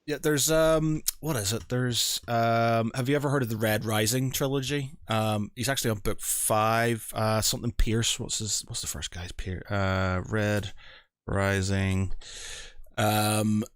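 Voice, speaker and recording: A man's voice: lowish voice, steady tone, measured pace, clear, resonant tone, dry recording, clean studio sound. A man hosting a podcast in casual chat, rambling and hunting for names, swearing now and then. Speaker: podcast host.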